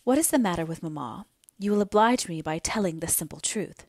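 A woman's voice: fairly low pitch, expressive, a little fast, darkish tone, dry recording. A woman voicing an earnest, anxious young daughter in an audiobook reading, her lines pleading and near tears. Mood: earnest, insistent. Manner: pleading, then breaking into tears.

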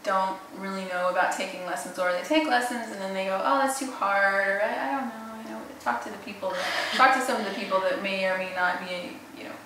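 A woman's voice: mid-range voice, fairly even intonation, fast talker, hardly any pauses, background noise. A woman voice coach chatting with a student in an encouraging, casual way, recorded in a teaching studio. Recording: echoey room, distant mic.

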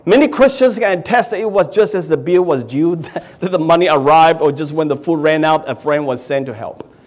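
A man preaching a sermon with passion, swinging from loud exclamations to hushed asides and often repeating words. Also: on the high side, normal speed. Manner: repeats words and restarts phrases. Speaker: pastor.

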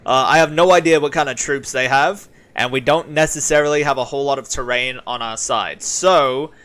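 A man commentating on a strategy game in a casual, excitable way. He sounds parched. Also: medium pitch, moderate pace. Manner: excitable, chatty, shouts at big moments. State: parched, thirsty. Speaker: gaming channel host. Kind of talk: gameplay commentary.

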